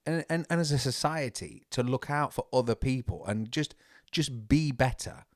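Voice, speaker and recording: A man chats as a podcast guest, getting animated and circling back over his words with plenty of restarts. His pitch sits in the middle for a man. The recording is close and dry, with no room sound around him. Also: moderate pace, no echo. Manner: animated, rambling with many restarts. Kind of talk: casual chat. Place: indoors on a converted bus.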